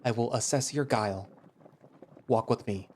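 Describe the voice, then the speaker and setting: A man reading a visual novel aloud, voicing a large, gruff male husky beast-man who is blunt and insecure and talks in terse, clipped phrases. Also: medium pitch, moderate pace, darkish tone, slight background noise, close to an everyday voice.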